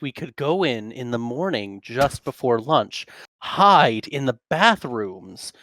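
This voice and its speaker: A man's voice: mid-range voice, big pitch swings, slow, fairly bright tone, no echo. A man playing a tabletop game, eager and upbeat. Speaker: player.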